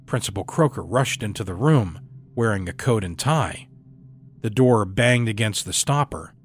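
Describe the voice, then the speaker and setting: A man reading a horror story aloud in a measured, dramatic storytelling delivery. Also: lowish voice, animated. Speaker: story narrator. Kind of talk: scripted horror narration.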